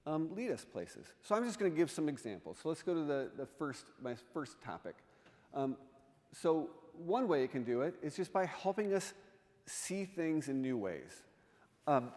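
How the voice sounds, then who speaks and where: A man whose voice sits on the high side, an artist in residence, presents a humorous illustrated talk to a congregation in a church sanctuary. He's jokey and keeps quizzing the audience, and the room's long reverb is audible.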